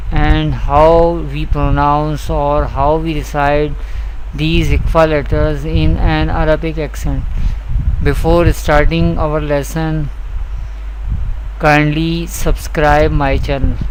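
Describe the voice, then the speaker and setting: A man teaching a tajweed lesson online, speaking English with a South Asian accent, deliberate and repetitive, naming letters one at a time. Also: on the high side, a little hiss or hum, low-quality recording. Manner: slow, deliberate, repeats phrases, names letters one by one. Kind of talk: slow online recitation lesson.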